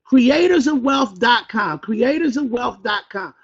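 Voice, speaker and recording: A man leading a sales training session, fast and energetic, asking the audience questions and acting out phone calls. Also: very high voice, husky. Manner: fast, call-and-response, acts out phone calls. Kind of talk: energetic motivational training talk. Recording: dull lo-fi recording.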